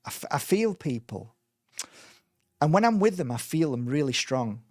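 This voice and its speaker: A man's voice: fairly high pitch, moderate pace, dry recording, clean studio sound. Man telling a story. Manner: animated, acts out quoted dialogue. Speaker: spiritual teacher. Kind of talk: casual storytelling.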